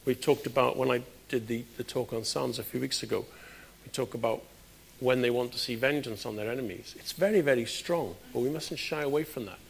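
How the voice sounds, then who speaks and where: British preacher with loud emphatic bursts. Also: male voice, medium pitch, a little fast, creaky. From Britain. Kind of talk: sermon.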